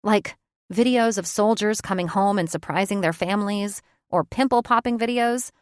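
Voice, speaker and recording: A woman's voice: medium pitch, normal speed, clear, resonant tone, dry recording, clean studio sound. Reflective woman narrating an audiobook. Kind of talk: first-person audiobook narration.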